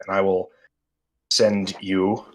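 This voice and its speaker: A man's voice: low-pitched, little pitch movement, takes it slowly. A man narrating a tabletop horror game as game master, describing scenes with many ums and uhs.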